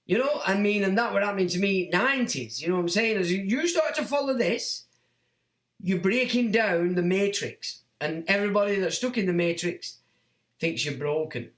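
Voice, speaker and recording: Middle-aged man hosting a livestream, blunt and mocking, high-pitched, roomy echo. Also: moderate pace. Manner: blunt, animated, mocks whiners in put-on voices. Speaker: livestream host reading chat comments. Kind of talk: casual livestream monologue.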